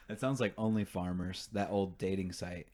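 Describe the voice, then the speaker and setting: A man's voice: sits low, darkish tone. A man hosting a podcast in casual banter, joking and swearing, and laughing often. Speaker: podcast host.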